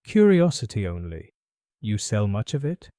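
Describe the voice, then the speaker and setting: A man playing a keen, cool-headed detective in an audiobook, speaking in a crisp, measured and probing way. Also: lowish voice, very animated, mellow, no room sound. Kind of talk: audiobook character voice.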